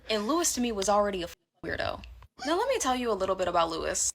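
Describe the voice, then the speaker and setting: A woman's voice: a little high, sing-song, fast talker, vocal fry, a bit bright, a little hiss or hum. Blunt, candid woman telling a story. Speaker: storyteller in a reacted-to clip. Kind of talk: casual storytelling to camera.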